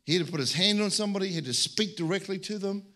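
A man's voice: high voice, rapid-fire. A man preaching a sermon at a church service, joking and telling stories with lots of restarts. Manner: animated, joking, storytelling with many restarts.

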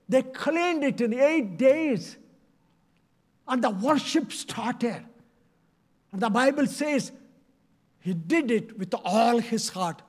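A middle-aged man from India, preaching a passionate, pleading sermon full of repeated phrases. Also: very high voice. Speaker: evangelist preacher.

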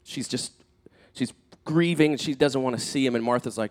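A pastor delivers a sermon in an animated, conversational style full of fillers and restarts, acting out the people he quotes. He swings from loud, emphatic peaks to soft, hushed asides, with a smooth, medium-pitched voice at a moderate pace.

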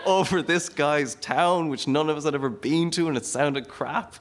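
This Irish comedian speaks at a moderate pace in a fairly high voice, telling a comic tale on stage. He laughs a lot, stays animated throughout, and imitates the people he's quoting.

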